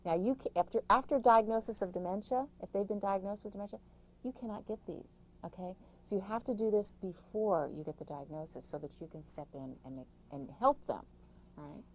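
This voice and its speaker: A middle-aged woman, an author, giving emphatic, rapid-fire caregiving advice in an interview, with frequent restarts. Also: medium pitch, darkish tone, low-quality recording. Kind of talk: interview answers.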